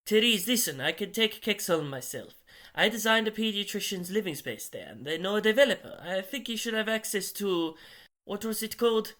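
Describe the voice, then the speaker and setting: Bossy rich man, brisk and raised, higher-voiced, as a reader puts him on. Audiobook. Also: lively intonation, bright, forceful tone. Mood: persuasive. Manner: brisk, commanding. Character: bossy, well-off man running the show.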